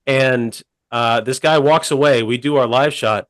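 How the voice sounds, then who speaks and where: A man telling a funny story on a podcast in a deadpan, rambling way, full of fillers. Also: mid-range voice, a little slow, no echo. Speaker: podcast co-host. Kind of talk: casual comedic storytelling.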